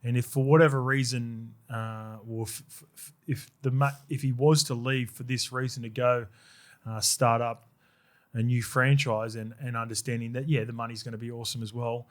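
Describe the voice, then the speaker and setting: A man's voice: mid-range voice, little pitch movement, moderate pace. A man hosting a podcast in casual chat, steering the talk and working from his notes. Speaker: podcast host.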